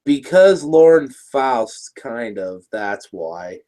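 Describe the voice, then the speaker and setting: A man's voice: mid-range voice, very animated, takes it slowly, warm tone. A man co-hosting a casual review show, recapping an episode in a rambling way with lots of restarts and laughs. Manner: rambling, many restarts, laughs while talking. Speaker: show co-host.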